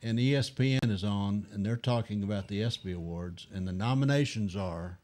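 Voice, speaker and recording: An older man telling animated anecdotes as a guest in a casual chat, acting out other people's lines. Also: fairly low pitch, fairly quick, faint music behind.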